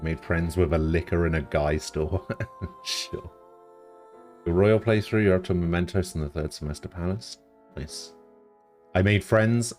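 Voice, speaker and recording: Deep-voiced British man joking deadpan. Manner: dry, deadpan humor with casual swearing, reading and answering chat. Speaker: streamer. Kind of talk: casual live-stream chat.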